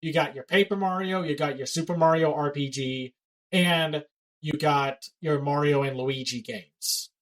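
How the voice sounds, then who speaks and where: A man's voice: a little high, fairly bright tone, rough recording. A man co-hosting a casual pop culture podcast, blunt and given to ranting. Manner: blunt, ranting, fast-talking. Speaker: podcast co-host.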